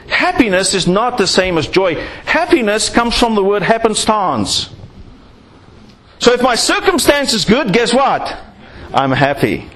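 A man's voice: high voice, fairly bright tone. A man preaching a sermon, acting out little scenes to make his points. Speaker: pastor.

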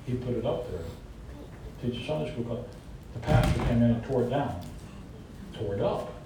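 A man with a Southern US accent preaching a conversational sermon, folksy and emphatic, with joking asides. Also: moderate pace. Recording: echoey hall from far off with faint rumble.

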